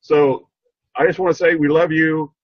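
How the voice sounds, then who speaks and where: An older man sharing a heartfelt story on a video call, earnest and halting, repeating himself as he gets choked up. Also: a little high, level tone, no echo, muffled recording. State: emotional, choked up. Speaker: program participant sharing a story. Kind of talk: heartfelt rambling testimony.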